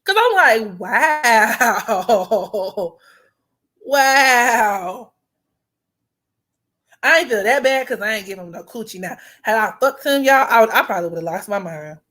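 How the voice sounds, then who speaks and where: Bright-voiced woman telling a story. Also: a little high, measured pace, pauses often. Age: 20s. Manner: animated, profane, slangy storytelling. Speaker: vlogger. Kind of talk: casual storytime chat.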